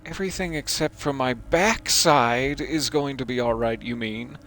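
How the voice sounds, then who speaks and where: A man's voice: mid-range voice, normal speed, fairly bright tone, slight background noise. A man streaming a game, joking and reading the hero's lines aloud, slipping into mock panic. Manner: jokey, reads dialogue aloud, swings into mock panic. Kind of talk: casual gameplay commentary.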